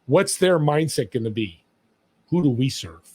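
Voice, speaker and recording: A man's voice: medium pitch, animated, measured pace, a little mellow, slightly rough, no echo. A man on a podcast as a guest, talking in an emphatic, storytelling way about serving others. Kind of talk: motivational interview talk.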